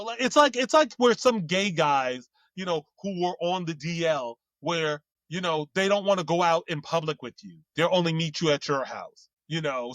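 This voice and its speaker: A man's voice: on the high side, a bit bright, no echo. A man co-hosting a casual chat, rambling with lots of fillers and restarts. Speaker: co-host.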